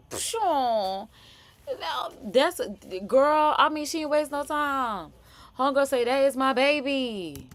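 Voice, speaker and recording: A woman with a New Orleans accent hosting a live stream, reacting to news clips in slangy, animated, casual chat. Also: high-pitched, no room sound. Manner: animated, chatty, slangy, laughing asides.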